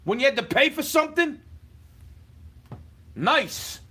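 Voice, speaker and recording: A man ranting at the camera from his home, profane and confrontational, shouting at times. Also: very high-pitched, big pitch swings, slow pace. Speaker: livestreamer. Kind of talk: angry rant to camera. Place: indoors, home.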